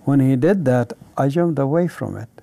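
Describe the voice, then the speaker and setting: A middle-aged man from Palestine gives his personal testimony as an interviewee, speaking earnestly and vividly and acting out quoted dialogue. His mid-range voice is gravelly and warm, at a moderate pace, with no room sound.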